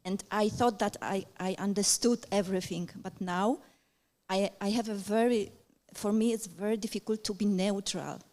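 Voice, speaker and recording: A woman's voice: medium pitch, normal speed, a little mellow. A woman from Poland with a Polish accent, a psychologist asking an audience question, searching for words with feeling. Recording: roomy hall with long reverb.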